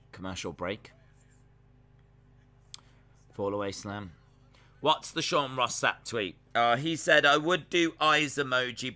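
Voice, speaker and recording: A man's voice: medium pitch, sharp tone. Chatty man doing live wrestling reaction. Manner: chatty, jokey, talks to chat while watching. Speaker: live-stream reaction host. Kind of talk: casual live reaction commentary, reading chat.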